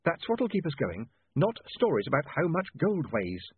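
Casting: male reader doing a brisk, scolding young newswoman, husky tone, dry tinny lo-fi sound. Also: on the high side, huge pitch swings, no echo, voice pushed up, heavily acted. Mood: insistent. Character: sharp-tongued young woman reporter. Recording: tinny dry lo-fi audiobook recording.

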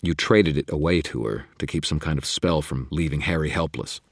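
A calm, steady man who speaks in a measured, gently corrective way, as an audiobook narrator puts him on. His very deep, husky voice sits close in a dry recording. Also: dry recording. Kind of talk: audiobook reading.

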